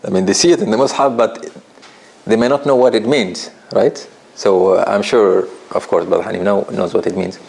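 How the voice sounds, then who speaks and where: Low, gravelly-voiced man teaching a class. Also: a little fast, darkish tone. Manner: conversational, often checks understanding with "right?"; questions students directly. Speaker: Quran recitation teacher. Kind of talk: classroom lesson.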